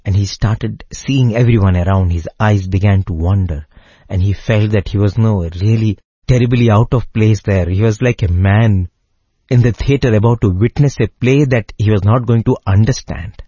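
Man, very low voice, husky, measured devotional storytelling, dull lo-fi dry sound. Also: dark tone, dry recording. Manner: measured, phrase by phrase with pauses.

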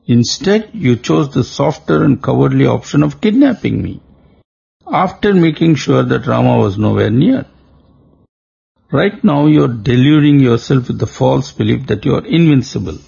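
A man voicing a dignified captive princess who speaks slowly and sternly. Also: mid-range voice, animated, vocal fry, mellow, slightly rough, highs cut off, full character voice. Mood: defiant. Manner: slow, measured, stern.

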